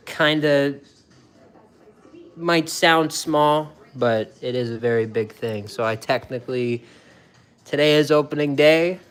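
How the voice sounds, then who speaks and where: Excitable young man rambling in a vlog. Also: medium pitch, clear, resonant tone. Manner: rambling and excitable, with frequent restarts and laughs. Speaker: food review vlogger. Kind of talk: casual chat.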